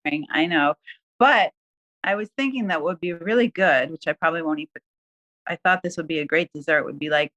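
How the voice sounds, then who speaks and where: A woman's voice: low-pitched, brisk, a bit bright. A woman guest in a casual interview, bubbly and laughing often, with a lot of "like" and "you know". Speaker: guest, singer and writer.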